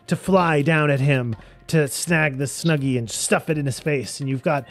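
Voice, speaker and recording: A man's voice: fairly high pitch, soft background music. A man narrating a tabletop game as game master, playful and often laughing, with voices tossed into his narration. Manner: playful, laughing, voices characters in quick asides.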